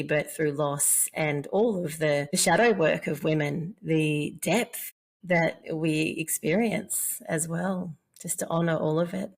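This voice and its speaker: A woman's voice: low-pitched, gravelly. A woman guest in a conversational interview, a fertility mentor speaking in an earnest, heartfelt way. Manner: earnest, heartfelt, slow in places.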